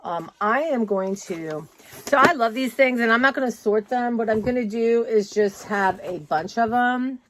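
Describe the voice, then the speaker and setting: A woman's voice: a little high, normal speed, slight background noise. A woman vlogging casually from her home, chatty and rambling, often saying "y'all". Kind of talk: casual chat. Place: home, indoors.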